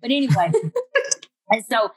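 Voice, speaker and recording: A woman's voice: a little high, a little slow, husky, no room sound, poor audio. An older woman with a Southern accent from Tennessee, giving a humorous, folksy motivational talk full of stories. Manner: folksy, humorous, animated storyteller. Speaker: motivational speaker.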